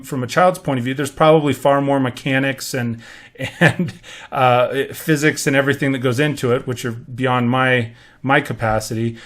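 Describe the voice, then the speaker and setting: A middle-aged man hosting a podcast, talking casually about leadership, rambling with many restarts and acting out quoted chatter. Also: a little high. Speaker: podcast host. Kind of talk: casual motivational monologue.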